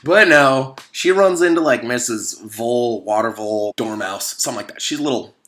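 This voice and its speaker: A man giving a casual, comedic commentary on a movie, animated and sarcastic, rambling with many fillers. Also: medium pitch, moderate pace. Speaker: video host.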